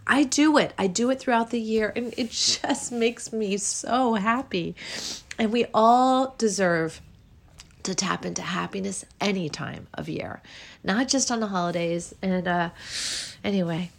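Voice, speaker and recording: A woman hosting a podcast, talking in a soft, gushing, emotional way about love and happiness, sometimes dropping to a whisper. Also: medium pitch, measured pace, gravelly. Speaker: podcast host. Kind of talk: heartfelt spiritual monologue.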